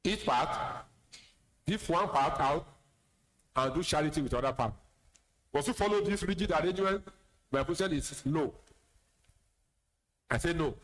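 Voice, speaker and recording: A man's voice: on the high side, moderate pace, long pauses, fairly bright tone, rough recording. A man with a Nigerian accent, an imam giving a sermon, plain-spoken with teasing asides and repeated words. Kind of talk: sermon lecture.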